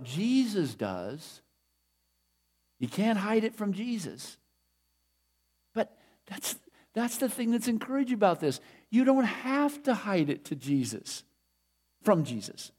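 A man's voice: high voice, expressive, moderate pace, long pauses, a little mellow. A middle-aged man preaching a sermon in a conversational, emphatic way, repeating his key phrases. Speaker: pastor.

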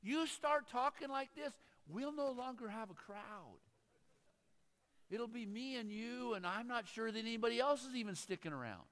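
A man voicing a brash, blunt male disciple who scolds his teacher in a bossy, drawn-out way. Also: on the high side, animated, pushed and bright. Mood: pleading scolding. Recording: long hall reverb.

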